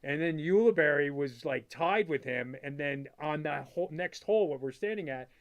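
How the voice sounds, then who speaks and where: Animated, slightly high-voiced middle-aged man. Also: muffled recording. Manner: animated, quick storyteller, full of "like" fillers, acts out his own past lines. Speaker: guest, father of a disc golf player. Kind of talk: casual storytelling in an interview.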